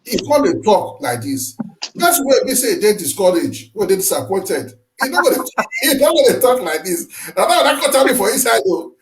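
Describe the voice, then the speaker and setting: A man with a Nigerian Pidgin accent hosting an interview, asking drawn-out, animated questions. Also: high voice, roomy sound, low-quality recording. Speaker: host.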